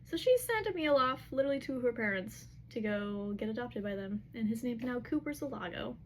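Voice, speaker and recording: A young woman casually retelling a novel's chapters, chatty and animated, with slangy asides. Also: on the high side, fairly quick, a little hiss or hum. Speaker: book recap vlogger.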